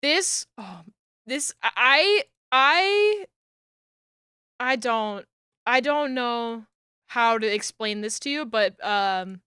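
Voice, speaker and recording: Bright, crisp-voiced excitable woman streamer. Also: on the high side, slow, no room sound, clean studio sound. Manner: chatty and excitable, laughs often, many fillers. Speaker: streamer rigging an animated model. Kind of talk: casual live-stream chat.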